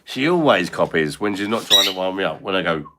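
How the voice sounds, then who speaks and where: A man's voice: low voice, lively intonation, a little fast. A man hosting a casual live stream, bantering and swearing at his noisy pet bird while reading chat comments. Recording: loud parrot squawks behind.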